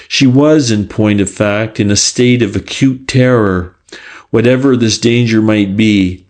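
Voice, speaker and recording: Reading scripted audiobook narration, a man keeps his storytelling calm and even. His voice is lowish.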